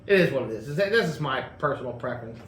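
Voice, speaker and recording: A man's voice: mid-range voice, expressive, fast talker, a bit bright, slight background noise. A man casually telling a long personal story, rambling with lots of fillers and restarts. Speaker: host telling a car story. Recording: echoey room with faint ambience.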